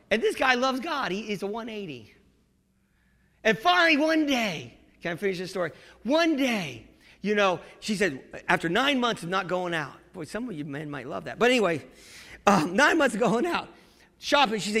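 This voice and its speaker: A man preaching with an unusually high, gravelly, bright voice. He drops low to tell a story, then rises into shouted exhortation. The sound rings with the long reverb of a church hall. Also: big pitch swings, fairly quick. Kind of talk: sermon.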